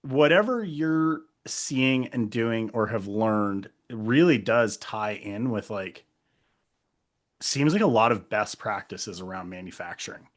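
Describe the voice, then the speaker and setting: A man co-hosting a podcast in casual chat, animated, laughing often and acting out remarks. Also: lowish voice, a little slow. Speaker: podcast co-host.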